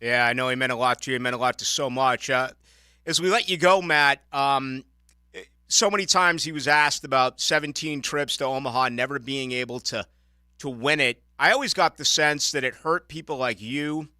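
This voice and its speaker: A man hosting a sports radio show, interviewing a guest in a brisk, friendly way. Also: medium pitch, pushed and bright, clean tone, no echo. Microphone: studio microphone.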